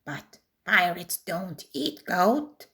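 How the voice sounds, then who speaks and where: A bossy pirate captain from a storybook snaps out orders in a slow, barking voice. The pitch jumps up and down, as a woman reads him aloud. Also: sing-song, pushed and bright, heavily acted. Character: gruff male pirate chief, bossy.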